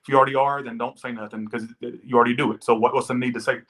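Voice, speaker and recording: A man's voice: mid-range voice, level tone, very fast, a bit bright. Rambling, chatty male tarot reader. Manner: rambling, chatty, swears casually. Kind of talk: casual live tarot reading. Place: Las Vegas.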